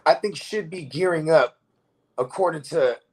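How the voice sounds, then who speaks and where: A man's voice: fairly high pitch, normal speed, a little mellow, slightly rough. A man co-hosting a live fantasy football show, talking casually and profanely and asking "you know what I mean" again and again. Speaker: fantasy football podcast co-host. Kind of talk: casual live-stream sports chat.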